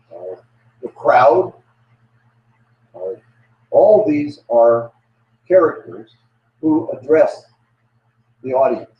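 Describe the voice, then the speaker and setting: A man presenting a lecture on biblical storytelling, speaking haltingly with frequent fillers. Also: mid-range voice. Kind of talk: lecture to a live audience. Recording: dull, distant, echoey room sound.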